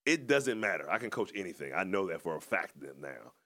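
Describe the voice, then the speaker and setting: Male podcast co-host, lower voice, loose informal storyteller. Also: sing-song, fairly quick, fairly bright tone. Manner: informal, rambling, reflective. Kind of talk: casual conversational storytelling.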